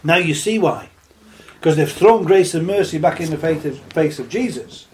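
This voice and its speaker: A man delivers a sermon in a fairly high voice. He reads scripture in a slow, measured way, then presses his point with fervent, rising questions. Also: expressive, a little hiss or hum. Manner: reads scripture slowly, then rises to impassioned exhortation. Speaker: preacher. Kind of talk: sermon, Bible teaching.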